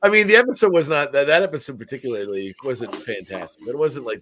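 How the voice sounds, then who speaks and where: A Canadian man co-hosting a podcast in easy, casual chat. He jokes at his own expense and keeps restarting his sentences. His voice sits at an ordinary middle pitch. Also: animated, quick pace, fairly bright tone. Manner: joking, self-deprecating, stumbling restarts. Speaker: podcast co-host.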